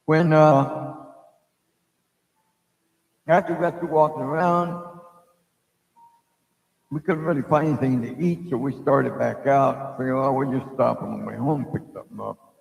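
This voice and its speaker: Middle-aged male psychic host, rough gravelly voice, meandering spoken story, booming echoey room. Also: steady tone, a little slow, pauses often, darkish tone. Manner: meandering, loses his thread, many fillers. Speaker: psychic storyteller hosting a live stream. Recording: echoey room with long reverb.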